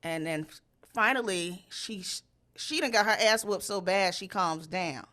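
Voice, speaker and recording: A woman with a bright, forceful voice tells a story in loose, casual chat. She is animated and profane. When she quotes people she jumps into loud, high voices. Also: measured pace. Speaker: storyteller host.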